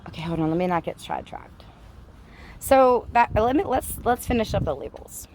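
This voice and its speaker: A woman's voice: medium pitch, sing-song, moderate pace, a little mellow, a little hiss or hum. A woman giving a blunt, profane, ranting monologue while walking outdoors, with frequent laughs, recorded on a handheld phone. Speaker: vlogger. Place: outdoors, walking near traffic.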